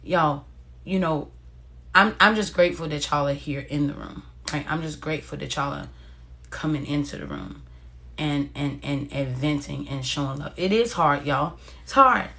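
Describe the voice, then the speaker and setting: A woman's voice: sits low, moderate pace. A woman hosting a motivational live stream, encouraging viewers and reading their comments in a casual, repetitive way. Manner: encouraging, talks straight to viewers, repeats phrases; casual and warm-hearted, reads out viewer comments.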